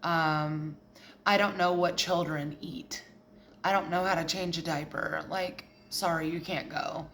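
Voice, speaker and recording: A woman's voice: low voice, steady tone, a little slow, a bit bright, slight background noise, voice pushed down. A woman mocking a lazy, dismissive husband. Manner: mocking, sarcastic.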